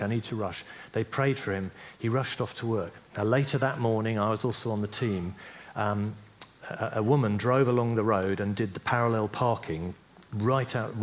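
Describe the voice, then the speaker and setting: A man teaching a church group how to pray for healing, speaking conversationally and often checking in with "yeah?". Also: fairly low pitch. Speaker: preacher teaching on healing prayer.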